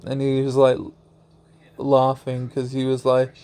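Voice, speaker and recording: A man's voice: medium pitch, completely flat delivery, a little slow, a little mellow, clean tone. A young man casually telling a strange story as a vlogger, laughing often and swearing freely.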